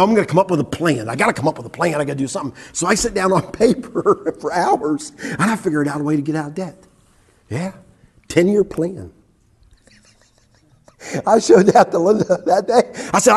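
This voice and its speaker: His testimony delivered in church, an older man re-enacts what people said and laughs at himself along the way. He has a husky voice, fairly high in pitch, with a darkish tone.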